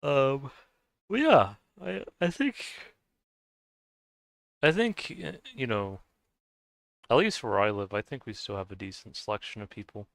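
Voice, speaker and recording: This streamer, who lives in the US, talks casually over his gameplay, hesitant and rambling, restarting often and laughing a lot. His mid-range voice is very animated with vocal fry, measured in pace with frequent pauses, and there is no echo.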